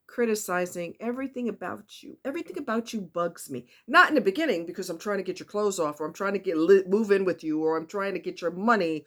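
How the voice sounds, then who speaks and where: A woman giving a casual monologue about relationships, emphatic and animated, repeating words for effect. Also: lowish voice. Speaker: relationship commentator.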